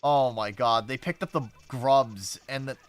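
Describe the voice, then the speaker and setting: A man's voice: mid-range voice, a little slow. A male streamer giving casual, rambling gameplay commentary, sarcastic and swearing often.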